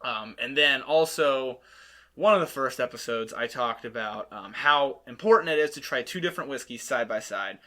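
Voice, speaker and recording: A man hosting a relaxed chat and explaining things with plenty of ums. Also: mid-range voice, normal speed. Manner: explains with many ums, chatty. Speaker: host. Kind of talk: casual chat.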